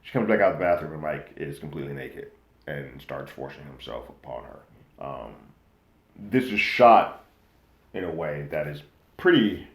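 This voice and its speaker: Very deep-voiced man reviewing a show. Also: moderate pace, roomy sound. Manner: conversational, with frequent um and like fillers and animated quoted asides. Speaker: podcast host reviewing a TV series. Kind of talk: casual spoken review.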